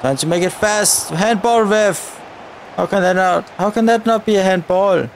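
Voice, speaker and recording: Gaming commentator, male, high voice, slow delivery, excitable outbursts, faint background noise. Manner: excitable, shouts at players and referee. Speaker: gaming YouTuber. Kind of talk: live gameplay commentary.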